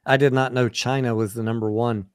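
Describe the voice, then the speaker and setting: A man's voice: mid-range voice, steady tone, brisk, smooth, no room sound, clean studio sound. A man hosting a late-night livestream chat, joking and swearing, tired and reading viewer comments aloud. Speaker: livestream host. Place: home in Texas.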